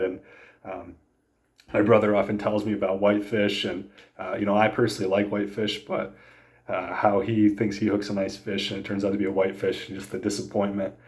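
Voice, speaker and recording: Male podcast host, younger, lowish voice, loose rambling storyteller who laughs a lot. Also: darkish tone. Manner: rambling, laughs often, many fillers. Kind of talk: casual storytelling.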